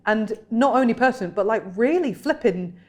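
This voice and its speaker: A young British woman co-hosts a podcast in casual chat, enthusiastic and chatty, with many restarts. Her voice is a little high, animated and brisk.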